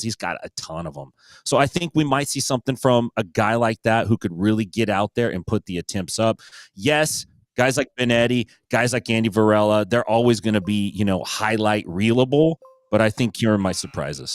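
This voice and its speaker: A man on a jiu-jitsu panel, giving his pick in a measured, analytical way. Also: on the low side, dry recording, studio quality.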